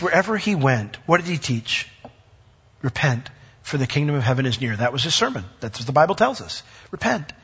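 A man's voice: fairly high pitch, a bit bright, breathy edge. A man giving a conversational sermon, retelling scripture and acting out the people in it. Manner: conversational storytelling, acting out characters with a raised voice. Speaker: preacher. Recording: dull sound with long hall reverb.

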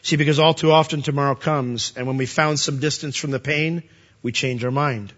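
A man preaching a sermon, animated, asking rhetorical questions and acting out dialogue. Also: mid-range voice, fairly quick, dull audio. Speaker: pastor.

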